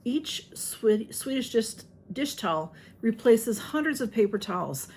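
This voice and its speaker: A woman's voice: a little high, sing-song, measured pace, a little mellow, a little hiss or hum. A woman chatting through a home unboxing video. She gushes over each item and keeps talking to her cats. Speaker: unboxing vlogger. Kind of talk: casual unboxing chat.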